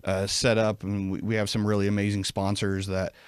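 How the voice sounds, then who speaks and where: A low-voiced man chatting as a podcast guest, wandering through his thoughts with lots of fillers and restarts. He is recorded close on a studio mic in a dry room. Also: flat delivery, a little fast, smooth, dry recording. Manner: rambling, many fillers and restarts. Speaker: podcast guest, event company president. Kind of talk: casual interview chat.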